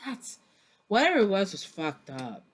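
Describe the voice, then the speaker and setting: Rich: A woman in a medium voice talks through a card reading in a loose, chatty way and leans on fillers as she goes. She is expressive and quick to laugh, and she swears when something catches her off guard. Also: medium pitch. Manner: loose, meandering delivery with many fillers. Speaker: tarot reader. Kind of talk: casual tarot reading to camera.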